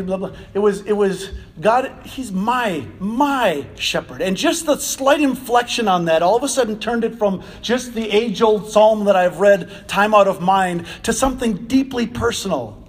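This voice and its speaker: A man preaching a sermon, animated and conversational, often repeating words and laughing between phrases. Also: extremely high pitch. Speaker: pastor.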